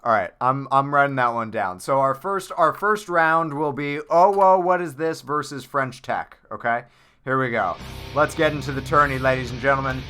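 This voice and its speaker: A man hosting a live-stream clip tournament in casual chat, excitable and rambling with lots of fillers. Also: mid-range voice, normal speed, soft background music.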